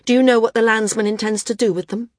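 A woman reading the lines of a proud, wounded woman flyer in an audiobook, quiet and measured. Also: a little high, steady tone, no room sound, studio quality, voice pushed up, lightly acted.

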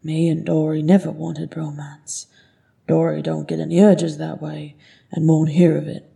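A woman's voice: sits low, little pitch movement, unhurried, creaky, mellow, full character voice. A woman voicing a grieving male dwarf thief who speaks in a bitter, choked-up way, for an audiobook. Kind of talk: audiobook character voice.

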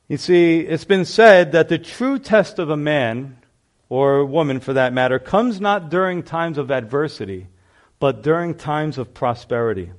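Guy preaching, pretty high voice, earnest, leans hard on the scripture bits. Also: animated, normal speed. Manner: earnest, reads scripture aloud with emphasis. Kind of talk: sermon.

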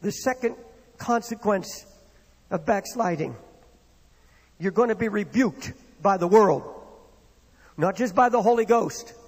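Raspy high-voiced preacher. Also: male voice, measured pace, long pauses. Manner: impassioned, rising and falling. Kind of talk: sermon. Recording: long reverb of a hall.

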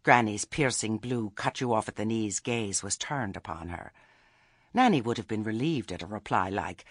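A man reading a story aloud in a wry, measured storytelling manner. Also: on the low side, lively intonation, fairly bright tone, no echo, studio quality. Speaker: audiobook narrator. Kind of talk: scripted narration.

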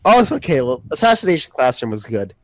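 A man's voice: mid-range voice, very animated, fairly quick, a little hiss or hum. A young man chatting casually with friends, blunt and swearing freely. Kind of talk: casual podcast chat.

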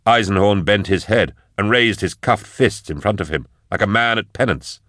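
A man giving steady, measured scripted narration of an audiobook. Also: lowish voice, no room sound, clean studio sound.

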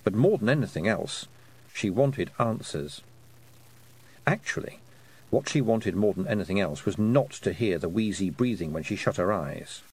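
A man narrating a children's fantasy audiobook, with an expressive storytelling delivery. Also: fairly low pitch, normal speed, breathy edge, low-quality recording. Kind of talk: scripted narration.

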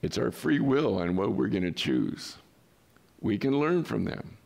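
A male pastor preaching a sermon in an emphatic way, with rhetorical questions and pauses. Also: fairly low pitch, lively intonation, creaky, darkish tone.

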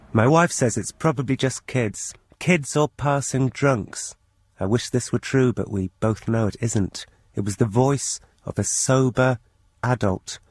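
A man presenting a radio programme, telling a first-person story in a dry, deadpan way. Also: medium pitch.

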